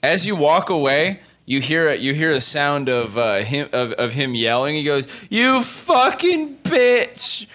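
A man's voice: mid-range voice, normal speed, few pauses, bright, forceful tone. A man narrating as game master of a tabletop game, rambling and laughing as he describes the scene. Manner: laughing, rambling, full of fillers.

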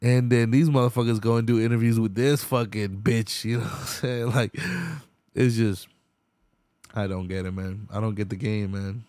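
A man's voice: fairly low pitch, little pitch movement, normal speed, a little mellow, dry recording. A man hosting a podcast, ranting casually in a rambling, profane way and laughing often. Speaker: podcast host. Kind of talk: casual rant.

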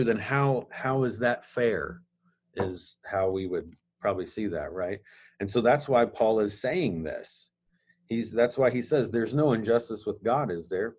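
A man hosting a podcast, reading scripture aloud and explaining it in a casual, halting way with asides. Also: fairly low pitch, darkish tone. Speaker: podcast host. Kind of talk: casual Bible teaching.

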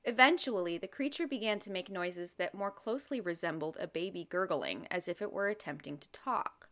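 A woman's voice: lowish voice, lively intonation, brisk, fairly bright tone. A woman co-host telling a spooky story to a friend in a casual chat, often laughing.

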